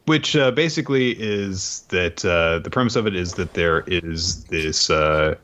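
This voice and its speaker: A man's voice: deep voice, lively intonation, a little slow, fairly bright tone. A man co-hosting a podcast in casual chat, summarizing the story in a loose way with many asides. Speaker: podcast co-host. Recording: dull lo-fi mic.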